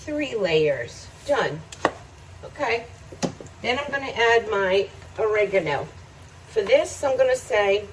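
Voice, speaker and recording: A woman's voice: mid-range voice, distant mic, slight background noise, low-quality recording. A woman making a home cooking video, chatting to viewers as she cooks and laughing often. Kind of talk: casual cooking demonstration. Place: home kitchen.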